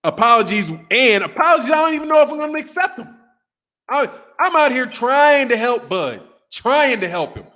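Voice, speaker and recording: High, bright-voiced trash-talking man. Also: moderate pace. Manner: animated, profane, trash-talking, laughs often. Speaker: boxing channel host. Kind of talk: casual livestream commentary reading chat.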